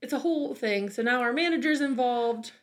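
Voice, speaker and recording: A woman's voice: a little high, a little fast. Chatty woman telling a story. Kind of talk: casual chat.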